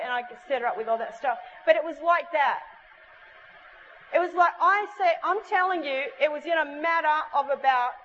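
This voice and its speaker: A woman preacher telling a story in an animated sermon at a church service. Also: sits high, dull audio, a little hiss or hum. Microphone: stage microphone.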